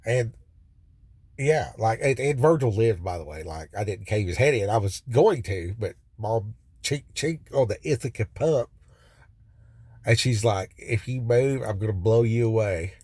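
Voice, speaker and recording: A man's voice: on the low side, animated, a little slow, darkish tone, breathy edge, no echo. A man telling a raw personal story from his car, swearing freely and circling back with many fillers and restarts. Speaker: vlogger sharing a personal testimony. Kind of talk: rambling first-person storytelling. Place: in a car by the roadside.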